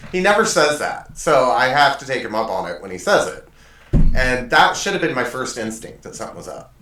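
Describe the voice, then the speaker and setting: A man's voice: mid-range voice, big pitch swings, a little fast, bright, forceful tone, slight background noise. Rambling man host in an echoey room. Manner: rambling, self-correcting, self-deprecating. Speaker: show host. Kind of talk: casual monologue storytelling. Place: desk in a home studio. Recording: echoey room, mic at a distance.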